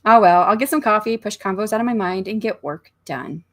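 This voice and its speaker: Speaking fairly quickly with a mid-range, fairly bright voice, this middle-aged American author hosts a casual writing livestream from home. She chats in a rambling, think-aloud manner and reads viewers' comments aloud.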